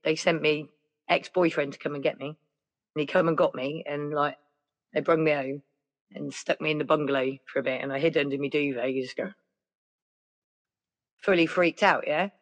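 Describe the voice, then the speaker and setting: A woman's voice: low-pitched, fairly even intonation, normal speed, pauses often, dull audio. A woman telling a personal story in a rambling, chatty way, full of "like" and "yeah". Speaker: podcast guest. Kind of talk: casual storytelling.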